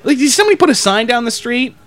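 A man swapping crude stories with a friend, swearing freely and animated. His voice is pitched unusually high for a man. He tells the story like casual banter. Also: very fast, soft background music. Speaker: podcast co-host telling a work story. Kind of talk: casual chat.

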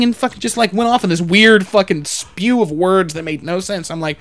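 A man in casual chat who tells profane, animated stories and acts out the people in them. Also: sits high, moderate pace, hardly any pauses.

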